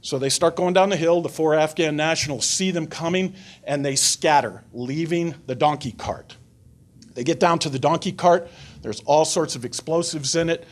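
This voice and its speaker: A man's voice: a little high, normal speed. Older man telling stories at a lecture. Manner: animated storyteller, voices characters in his anecdote. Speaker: guest speaker at a foreign affairs forum. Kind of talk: public talk with anecdote and audience questions. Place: lecture room before an audience.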